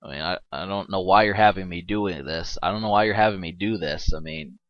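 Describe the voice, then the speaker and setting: A man's voice: low-pitched, brisk, no echo, dull audio. A man giving a rambling, casual movie commentary, full of fillers and restarts and laughing often, swearing now and then.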